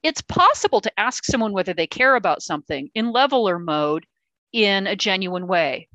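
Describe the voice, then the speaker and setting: A woman's voice: mid-range voice, big pitch swings, moderate pace, bright, forceful tone, no echo, muffled recording. A woman giving an informal talk, explaining techniques and acting out sample lines in other voices, with fillers and restarts. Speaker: speaker giving a talk on verbal self-defense. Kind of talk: informal lecture with examples. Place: meeting hall.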